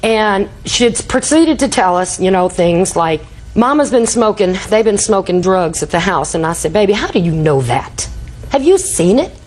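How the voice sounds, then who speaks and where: Husky older woman telling a long story. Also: medium pitch, sing-song, normal speed, a little mellow, low-quality recording. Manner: rambling storyteller, acts out quoted dialogue. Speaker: litigant. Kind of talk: courtroom testimony. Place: TV courtroom.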